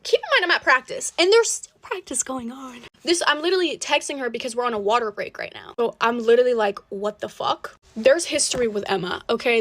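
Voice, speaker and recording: A woman's voice: fairly high pitch, fairly bright tone. A young woman telling a dramatic personal story in casual storytime style, swearing and saying "like" a lot. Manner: dramatic, swears, heavy use of "like".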